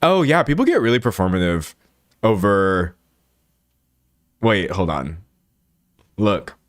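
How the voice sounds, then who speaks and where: Chatty young American man, lowish voice. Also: very animated, takes it slowly, no echo, clean studio sound. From United States. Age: 20s. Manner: chatty and rambling, laughs often. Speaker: livestream host. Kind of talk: casual livestream chat with viewers.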